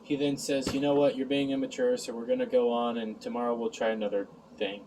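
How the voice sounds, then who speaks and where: A man's voice: mid-range voice, flat delivery, quick pace, a little mellow, far from the mic, a little hiss or hum, rough recording. A man recapping an episode in a casual review, sarcastic and exasperated, sighing and mocking the lines he quotes.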